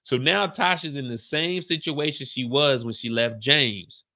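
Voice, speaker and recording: A man's voice: medium pitch, a little slow. A young man hosting a casual reaction show, recapping an episode and acting out scenes in voices. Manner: animated, acts out scenes in voices.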